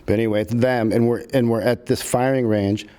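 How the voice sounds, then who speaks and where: A middle-aged man, a filmmaker guest on a podcast, telling stories casually in an animated, profane way and acting out quotes. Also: medium pitch, brisk, clean tone. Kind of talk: casual storytelling.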